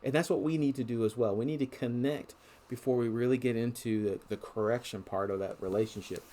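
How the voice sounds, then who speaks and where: A man's voice: medium pitch, fairly even intonation, fairly quick, warm tone. A middle-aged man preaching a sermon in an earnest, conversational way, restarting phrases often.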